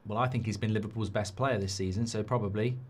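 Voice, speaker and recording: Excitable sweary man hosting a football watchalong. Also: fairly low pitch, fast talker. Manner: excitable, sweary, reads viewer questions aloud. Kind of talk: live match watchalong chat.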